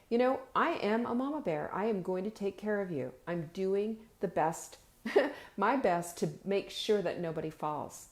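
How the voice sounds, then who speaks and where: A woman's voice: medium pitch, measured pace. A woman hosting a motivational live video, addressing her viewers directly. She is emphatic and encouraging, stretches key words, and repeats words as she restarts sentences. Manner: addresses viewers warmly and directly, reads their comments aloud. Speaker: host of a live video show.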